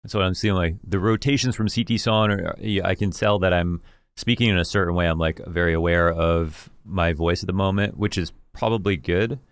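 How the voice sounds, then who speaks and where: A man, an esports caster, thoughtfully reviewing his own commentary in a deep voice, enunciating carefully. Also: fairly even intonation, fairly quick, smooth, dry recording. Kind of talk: reflective self-review.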